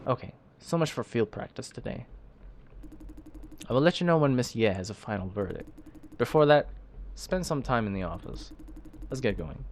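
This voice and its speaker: A man as a steady, businesslike supervisor. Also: mid-range voice, moderate pace, pauses often, slight background noise, natural voice. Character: calm male office supervisor giving instructions. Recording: loud game music behind.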